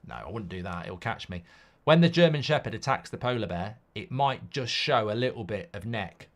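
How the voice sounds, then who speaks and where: A man hosting a live football watchalong, chatting casually and reading out viewer comments. He rambles in an animated way, swears freely and riffs on silly hypotheticals. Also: on the low side, normal speed.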